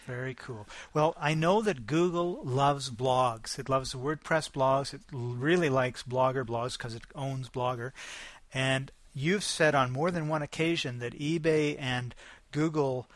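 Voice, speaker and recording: An upbeat man co-hosts a casual podcast, friendly and full of fillers as he prompts his partner. His pitch is middling for a man. The recording is dry and close. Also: unhurried, dry recording. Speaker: podcast co-host.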